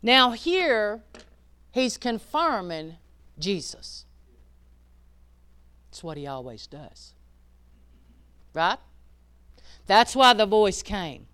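A woman preaching a sermon, rising to loud emphatic peaks and dropping to hushed asides. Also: medium pitch, sing-song, drawn-out words, pauses often, clean tone.

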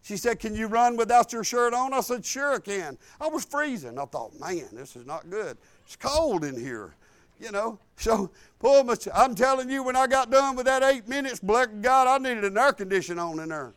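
Older male preacher, high clear voice, folksy humorous storyteller. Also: animated, moderate pace, fairly bright tone, dry recording. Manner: folksy, humorous, drops to low asides. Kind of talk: sermon with personal storytelling.

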